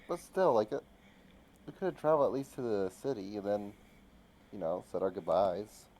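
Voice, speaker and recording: A man's voice: fairly low pitch, animated, moderate pace, mellow, poor audio. A man playing a tabletop game, earnestly questioning the others in character. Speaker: player. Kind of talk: casual tabletop chat.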